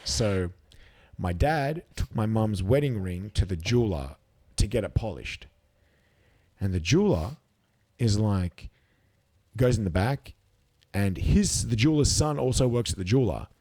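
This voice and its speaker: Aussie bloke in his 30s, low-pitched, loose sweary podcast storyteller. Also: measured pace, long pauses, husky. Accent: Australian. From Australia. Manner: animated, swears freely, acts out quotes. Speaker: guest, competitive eater. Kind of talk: casual storytelling with profanity.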